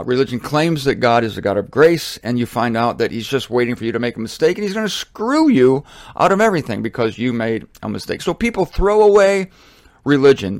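A middle-aged American man speaks about faith in a blunt, fervent monologue, with a plain middle pitch. He pushes up into emphatic bursts when he makes a point. The recording is dry and close, with no room sound. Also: no room sound. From Ohio, United States. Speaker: Christian teacher.

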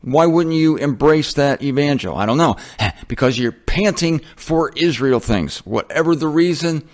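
A man's voice: fairly high pitch, expressive, unhurried. A man giving an informal, chatty Bible teaching to listeners he calls folks, correcting himself with a wry, self-mocking humor.

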